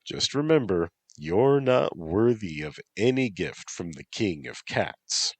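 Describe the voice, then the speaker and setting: A man's voice: low-pitched, expressive, slow, no echo, exaggerated voice. A man voicing a blunt, dry-witted female yokai aide in a storybook reading. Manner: dry, blunt advice-giving.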